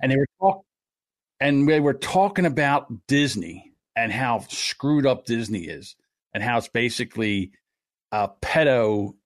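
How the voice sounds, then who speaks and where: A man hosting a podcast in casual comedic chat, talking in an animated, sarcastic, ranting way. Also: mid-range voice. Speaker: podcast host.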